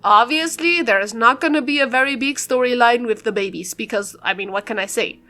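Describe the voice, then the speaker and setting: Giggly high-voiced young woman rambling. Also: brisk, sharp tone. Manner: rambling, giggly, lots of fillers. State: a bit out of breath. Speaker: YouTuber doing a game build voiceover. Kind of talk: casual voiceover commentary.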